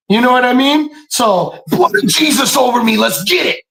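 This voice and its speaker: A man telling stories in a casual monologue, animated and preachy, swearing freely and often breaking into shouts. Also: extremely high pitch, measured pace, hardly any pauses, poor audio. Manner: profane, streetwise slang. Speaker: podcast speaker.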